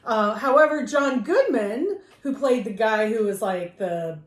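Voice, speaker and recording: A woman co-hosting a podcast in casual, chatty talk, quick with her reactions. Her voice sits a little high, and the room adds a clear echo. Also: expressive. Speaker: podcast co-host. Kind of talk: casual chat.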